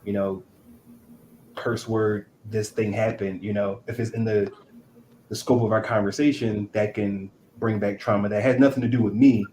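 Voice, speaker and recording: A man reflecting in a casual chat, hesitant and measured, in a flat delivery. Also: fairly low pitch. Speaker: guest husband. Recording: echoey room with faint noise.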